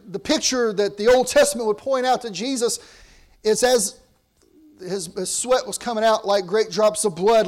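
A man preaching a sermon, earnest, rising to emphatic lines and sinking to hushed ones. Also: high-pitched.

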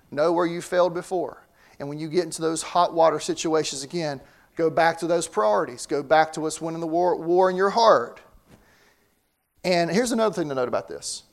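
A man's voice: a little high, vocal fry. A man preaching a sermon as pastor, in a conversational way that often repeats words.

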